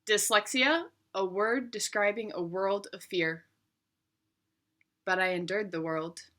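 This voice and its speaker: Woman narrating a personal story, bright voice. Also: mid-range voice. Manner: reflective, measured storytelling.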